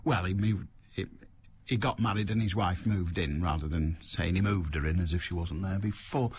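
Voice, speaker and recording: A man's voice: low voice, normal speed, slight background noise. A man hosting a radio phone-in show, delivering a sarcastic, mocking, rambling monologue into a studio microphone.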